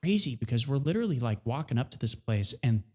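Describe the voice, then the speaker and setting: Podcast host guy, rambly, says like constantly, goes way up high when he quotes people. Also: sing-song, quick pace. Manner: rambling, heavy use of "like", jumps into a high voice when quoting. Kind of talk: casual conversation.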